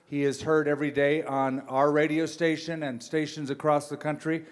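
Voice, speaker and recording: Middle-aged pastor man, slightly high voice, friendly teasing interviewer on a church stage. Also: flat delivery, normal speed. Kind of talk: interview hosting. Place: church stage before an audience.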